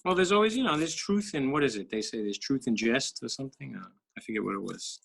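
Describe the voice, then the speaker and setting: A man's voice: medium pitch, expressive, fast talker, gravelly, fairly bright tone, husky. A man being interviewed about his songs, talking in a rambling, reflective way. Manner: rambling and reflective, with many restarts. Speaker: musician guest. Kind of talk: casual interview chat.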